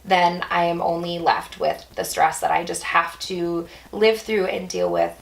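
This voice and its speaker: A woman's voice: on the low side, lively intonation, unhurried, vocal fry, rough recording. A young adult woman, a yoga instructor, talking casually in her vlog, thinking aloud with restarts and playful exclamations. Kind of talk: casual reflective vlog talk.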